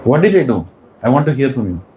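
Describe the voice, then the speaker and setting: Speaking fast and with great animation, this man has a mellow, mid-range voice. He is a spiritual teacher leading devotees in a class, firing questions at them and driving his points home, recorded in an echoey room with slight background noise.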